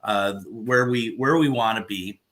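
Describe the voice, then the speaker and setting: A man talking casually from his home as he runs a spirit box session, halting and restarting as he searches for words. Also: on the low side, fairly bright tone. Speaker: paranormal radio host running a spirit box session. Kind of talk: casual live session chat.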